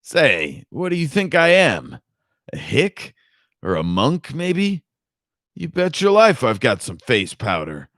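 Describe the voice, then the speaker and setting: A man's voice: mid-range voice, wildly swooping pitch, slow pace, a bit bright, no room sound, studio quality, voice pushed up, exaggerated voice. A man reading aloud, voicing a crude, swaggering male official who boasts and leers. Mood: leering. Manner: brash, leering, boastful. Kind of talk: audiobook reading with character voices.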